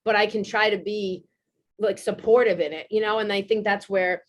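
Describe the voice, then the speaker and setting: A woman, telling a story in casual podcast chat, animated and swearing freely. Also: mid-range voice, moderate pace, a little hiss or hum. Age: 40s. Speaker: podcast host.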